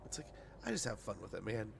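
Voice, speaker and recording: A man's voice: lowish voice, big pitch swings, fast talker, creaky, slight background noise. Rambling man reading notes aloud. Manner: rambling, stumbles over words and laughs at himself. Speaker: streamer. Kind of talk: casual livestream chat, reading patch notes aloud.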